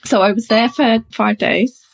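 A woman's voice: a little high, steady tone, unhurried, vocal fry. A woman speaking openly as an interview guest, chatty and laughing now and then as she tells hard personal things.

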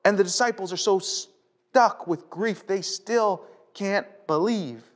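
Taking a slow pace, this male pastor from North America delivers a relaxed, chatty sermon. He tends to repeat words when starting a thought, and his pitch jumps sharply as he retells a story.

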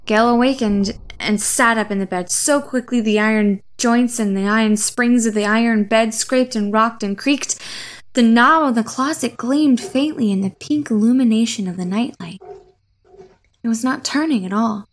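A woman narrating a horror story in a measured, suspenseful reading. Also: a little high.

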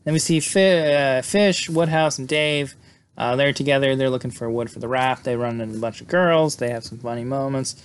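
Host type, male, mid-pitched, chatty and crude, lots of uhs and likes. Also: moderate pace, clear, resonant tone. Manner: loose and profane, many fillers. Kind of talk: casual movie recap.

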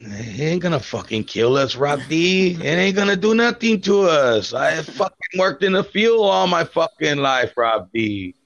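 A brash older uncle who fears nothing, as a man puts him on swaggers through his words in a raised, drawn-out voice. The recording is dry and dull. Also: on the high side, big pitch swings, vocal fry, fairly bright tone, no echo, voice pushed up, full character voice. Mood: defiant. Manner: boisterous, swaggering, profane.

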